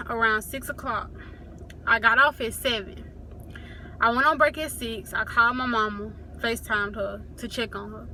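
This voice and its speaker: Bright-voiced young woman telling a story. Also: on the high side, slight background noise. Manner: talks straight to viewers, acts out quotes. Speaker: vlogger telling a family story. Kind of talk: casual storytime to camera.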